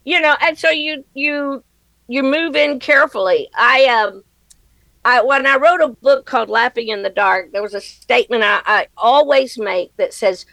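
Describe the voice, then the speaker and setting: Brief: middle-aged woman comic as interview guest, gravelly, earnest, dry close sound. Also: high-pitched, moderate pace, a bit bright, dry recording, poor audio. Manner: earnest and reflective, laughs easily, faith-centered. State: widowed. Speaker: comedian guest. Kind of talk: conversational interview answers.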